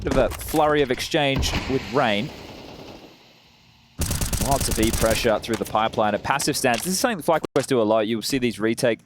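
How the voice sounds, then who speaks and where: A man's voice: mid-range voice, fairly quick, noisy background. A male esports caster trading playful, teasing banter while commentating. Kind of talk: color commentary. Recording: game gunfire and clicks under the commentary.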